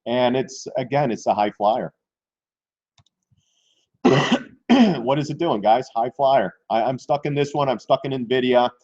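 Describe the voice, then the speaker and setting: A man hosting a live stream on stock trading, talking loosely and mocking himself, often clearing his throat. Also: medium pitch, measured pace, pauses often, a little mellow, lo-fi sound. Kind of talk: casual live-stream market commentary.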